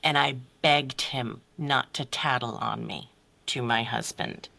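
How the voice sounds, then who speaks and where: Podcast guest, woman, middle-aged, candid and blunt, bright forceful tone, swears, voices others. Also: a bass voice, slow pace, creaky. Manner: blunt, swears freely, acts out quotes with big voices. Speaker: podcast guest, life coach. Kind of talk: candid personal story in conversation.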